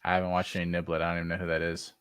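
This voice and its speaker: A man's voice: low-pitched, monotone, racing, a bit bright, clean tone. A man co-hosting a casual sports podcast, blunt and emphatic, with casual swearing. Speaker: podcast co-host.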